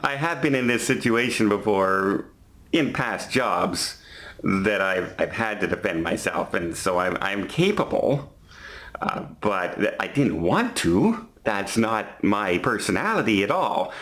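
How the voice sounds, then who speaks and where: A man's voice: fairly low pitch, lively intonation, measured pace, a bit bright. A man in his fifties casually telling a story to camera from a hotel, walking through what happened step by step. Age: 50s. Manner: chatty, retelling an incident step by step. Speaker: vlogger.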